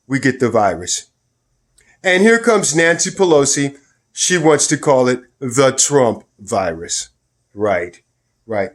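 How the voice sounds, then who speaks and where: In a vlog, a man offers political commentary with emphasis and sarcasm, his pitch and volume swinging widely.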